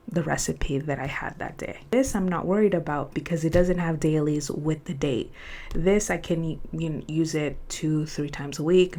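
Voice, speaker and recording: A young woman, who vlogs planner unboxings, chats casually to camera about her planners. Her voice is deep with a dark tone, and she's open and emotional, now and then dropping to a whisper.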